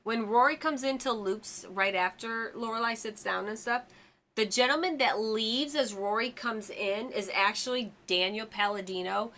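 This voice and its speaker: A woman's voice: mid-range voice, fairly bright tone. A woman in her forties hosting a fan channel, chatting casually and rambling about a TV episode with lots of ums and side stories. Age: 40s.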